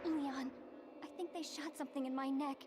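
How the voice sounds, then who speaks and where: An actress playing a frightened young woman in a video game, high and pleading. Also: fairly even intonation, moderate pace, recorded from a distance, heavy background noise, natural voice. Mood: scared.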